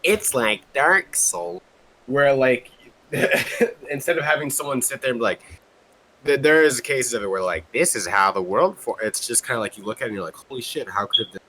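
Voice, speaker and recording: A man chatting excitedly about games, swearing a lot and saying "like" constantly. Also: medium pitch, normal speed, slight background noise, poor audio. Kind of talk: casual gaming chat.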